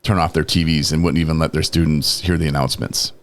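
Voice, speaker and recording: Deep-voiced man telling rambling stories. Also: quick pace, slight background noise. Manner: rambling, laughing, quotes people in lively voices. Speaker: guest on recovery talk show. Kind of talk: casual storytelling chat. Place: podcast studio.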